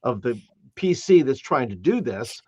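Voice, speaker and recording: A man chatting casually as a show regular, speaking in a measured, hesitant way with many fillers. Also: mid-range voice, sing-song, dark tone, breathy edge, no echo, muffled recording. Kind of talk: casual chat.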